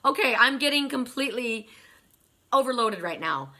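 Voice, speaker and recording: A woman's voice: a little high, expressive, brisk, bright, forceful tone. A middle-aged woman giving a spiritual card reading, telling rambling stories with many restarts and asides. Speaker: tarot and oracle card reader. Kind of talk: casual spiritual reading monologue.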